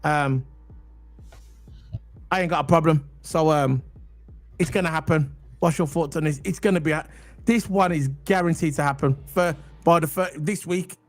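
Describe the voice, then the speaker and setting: A man co-hosting a casual football podcast, excitable and chatty, full of slang. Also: a little high, normal speed, pauses often, soft background music. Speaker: podcast co-host.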